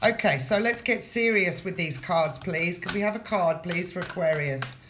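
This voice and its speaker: Chatty low-voiced woman reading tarot. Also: moderate pace, noisy background. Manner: chatty, repeats phrases, addresses the viewer directly. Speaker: tarot reader. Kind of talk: casual tarot reading to camera.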